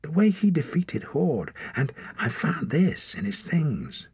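A man's voice: a little high, wildly swooping pitch, takes it slowly, darkish tone, slightly rough, no room sound, voice pushed up, heavily acted. A man voicing a suspicious, insistent young girl in a storybook. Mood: urgent. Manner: urgent, insistent.

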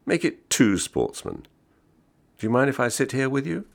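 A man's voice: mid-range voice, very animated, normal speed, creaky, voice pushed up. A man reading the part of a bored, sardonically joking American man of thirty-five. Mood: wry. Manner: wry, teasing, mock-jovial.

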